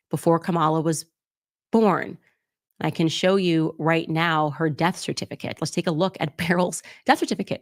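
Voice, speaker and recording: A woman presenting documents in a commentary clip, laying out evidence in a measured way, step by step. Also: fairly low pitch.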